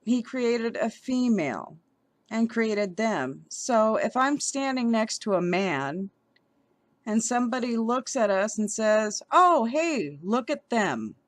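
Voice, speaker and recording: A woman's voice: on the high side, expressive, takes it slowly, no echo. A woman vlogger giving heated commentary as she reads an article aloud, often stumbling over her words.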